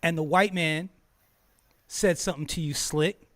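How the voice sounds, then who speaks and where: A man's voice: a little high, fairly even intonation, measured pace, a bit bright. A man hosting a streamed talk show, speaking casually and profanely, getting heated, laughing often and stumbling over repeated words. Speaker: podcast host.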